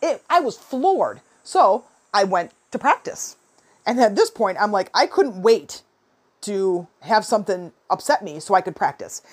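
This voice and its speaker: A woman in her forties, with a mid-range, breathy voice and a measured pace, gives advice in a relaxed, chatty way. Her animated talk is full of fillers and acted-out quoted asides.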